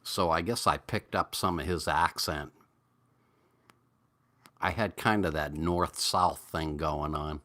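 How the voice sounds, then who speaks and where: A middle-aged man with a New England accent, rambling through stories and greeting viewers on a relaxed live chat. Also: a bass voice, slow, long pauses. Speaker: livestream host.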